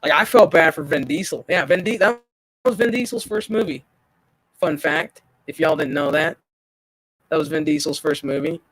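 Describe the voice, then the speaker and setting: A man hosting a gaming stream, telling a story in casual chat, profane and animated. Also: a little high, normal speed, slightly rough, no room sound.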